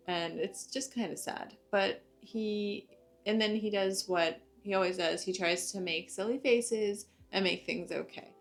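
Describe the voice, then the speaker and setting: A woman's voice: medium pitch, moderate pace. Young woman, anime reviewer, chatty and casual, lots of fillers, faint music behind. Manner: chatty, uses many fillers like "like" and "uh". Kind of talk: casual recap of an episode.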